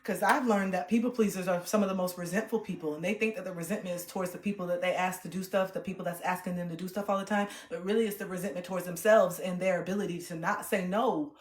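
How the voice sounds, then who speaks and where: A woman's voice: on the low side, fairly even intonation, quick pace, few pauses, faint music behind. A woman livestreamer ranting in a blunt, profane, confrontational way. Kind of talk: livestream rant. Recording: roomy echo.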